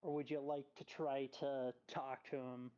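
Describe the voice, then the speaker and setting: A game master narrating a tabletop game and asking players what they want to do, halting and full of restarts. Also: mid-range voice, flat delivery, mellow, clear, resonant tone, lo-fi sound.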